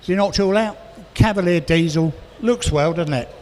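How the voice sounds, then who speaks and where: A man working as an auctioneer, calling bids quickly and adding chatty asides about each car. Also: high-pitched, darkish tone. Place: auction hall, indoors. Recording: reverberant hall with faint noise.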